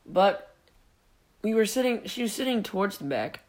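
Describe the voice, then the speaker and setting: A young man with a high-pitched, animated voice hosts a podcast at a moderate pace. His story wanders all over the place, full of giggles, digressions, and moments where he interrupts himself.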